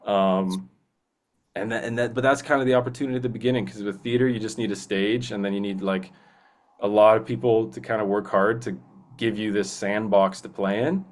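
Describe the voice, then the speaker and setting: A man's voice: fairly low pitch, steady tone, fairly quick. A young man, a voice actor talking earnestly in a casual interview, rambling with many restarts. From Canada. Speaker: guest voice actor.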